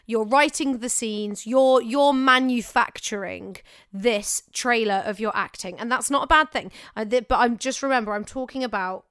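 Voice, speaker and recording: Brief: young female actor, smooth clear voice, slightly high, chatty advice. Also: normal speed, dry recording, clean studio sound. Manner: chatty, animated, self-correcting. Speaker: actor giving career advice. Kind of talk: casual advice chat.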